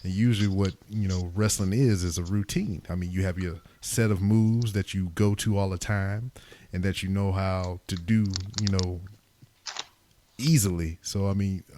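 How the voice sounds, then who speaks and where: A man hosting a podcast, telling stories in casual chat with lots of swearing and animated retelling. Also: deep voice, background noise. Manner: profane, animated storytelling. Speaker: podcast host.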